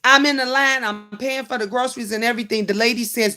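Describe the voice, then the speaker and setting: A woman's voice: fairly high pitch, steady tone, quick pace, few pauses, pushed and bright. Emotional storytelling woman, chatty livestream host. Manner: chatty, emotional storytelling, addresses viewers as honey and y'all. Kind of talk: casual storytelling to viewers.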